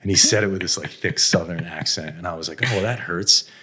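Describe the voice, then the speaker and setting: A man's voice: sits low, fairly even intonation, fast, fairly bright tone, slightly rough. A middle-aged American man, blunt and self-deprecating, telling candid stories about his career with frequent laughs and some mild swearing. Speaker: interview guest, venture investor. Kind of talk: candid conversational storytelling.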